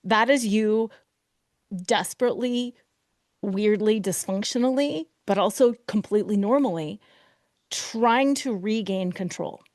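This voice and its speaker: A middle-aged woman speaks straight into the mic as a coach on her own podcast. Her voice sits at a middle pitch and turns animated as she acts out the thoughts of hurt people. The sound is dry and close, with no room echo. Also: a little slow. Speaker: podcast host and betrayal recovery coach. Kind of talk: solo podcast monologue.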